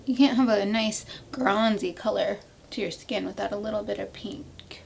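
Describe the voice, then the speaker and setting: A woman's voice: mid-range voice, fairly even intonation, normal speed, vocal fry, a little hiss or hum. A woman in her thirties chatting casually through a makeup tutorial at home, playful and prone to inventing silly words as she works. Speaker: beauty vlogger. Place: at home, indoors.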